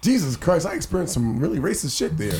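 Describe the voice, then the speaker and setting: A man co-hosting a casual podcast chat, loud and joking and swearing a lot. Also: on the high side, very animated, fast, creaky, a little hiss or hum. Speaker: podcast co-host.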